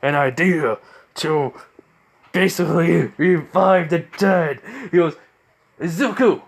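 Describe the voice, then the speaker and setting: A man's voice: fairly high pitch, takes it slowly, creaky. A man narrates an improvised fan-fiction story in a loose, rambling way. He stops often to correct himself and fills gaps with "basically" and "you know.". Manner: rambling, many fillers and self-corrections.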